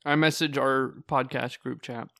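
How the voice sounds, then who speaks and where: A man's voice: mid-range voice, steady tone, measured pace, vocal fry, fairly bright tone, dry recording, clean studio sound. A man co-hosting a podcast, talking in an easygoing, joking way. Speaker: podcast co-host. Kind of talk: casual chat.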